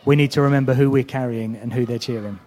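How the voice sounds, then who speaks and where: Earnest preacher in a hall. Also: male voice, mid-range voice, steady tone, quick pace, dark tone. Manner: earnest, conversational, checks in with the congregation. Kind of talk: sermon. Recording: long hall reverb.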